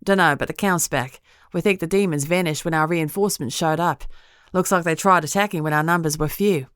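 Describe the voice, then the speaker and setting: A woman's voice: sits low, brisk, clear, resonant tone, no echo, studio quality, natural voice. A woman voicing a brash, casual young witch fighter with an Australian accent in an audiobook. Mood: breezy. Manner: breezy, offhand and teasing. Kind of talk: audiobook character voice.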